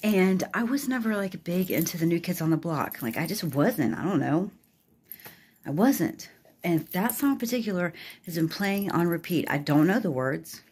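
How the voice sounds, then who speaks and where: A hoarse, worked-up woman venting casually to her vlog audience with exasperated, laughing asides. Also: lowish voice, expressive, normal speed, darkish tone. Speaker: vlogger. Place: in a car, then at home.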